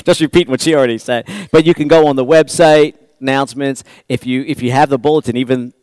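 A man's voice: mid-range voice, fairly even intonation, fast talker, a little mellow, clean tone, dry recording. A man pastor preaching a sermon in a church, talking in a conversational, rambling way with restarts and repeated words.

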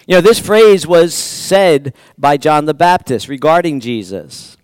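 A man's voice: high-pitched, animated, moderate pace, no echo. A man pastor preaching a sermon in a church, talking in a conversational, rambling way with restarts and repeated words.

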